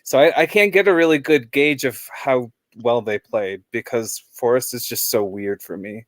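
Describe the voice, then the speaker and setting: A man's voice: medium pitch, normal speed, no room sound, studio quality. A man chatting casually as a guest fan about a football match, rambling with lots of fillers.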